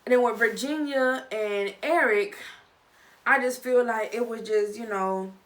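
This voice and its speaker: A young woman vlogger giving a casual, chatty review, with animated, dramatic reactions. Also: on the high side, a little slow, recorded from a distance. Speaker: vlogger reviewing a reality show. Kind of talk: casual chat.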